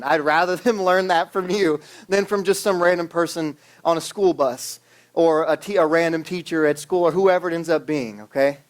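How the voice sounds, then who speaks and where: Casual preacher man, keeps saying okay. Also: a little high. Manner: conversational, keeps asking "okay?". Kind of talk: casual sermon. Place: church service.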